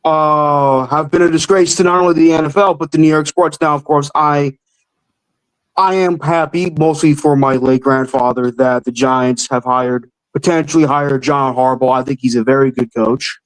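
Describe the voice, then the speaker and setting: High-voiced, emotional young man ranting. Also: flat delivery, moderate pace, smooth, rough recording. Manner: emotional, swearing, rambling. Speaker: caller. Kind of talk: casual sports call-in rant.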